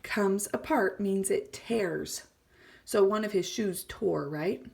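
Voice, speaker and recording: A woman's voice: mid-range voice, slow pace, creaky, a little mellow. A woman teacher reading a story aloud to children, explaining words and often dropping to a whisper. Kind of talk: read-aloud lesson for children.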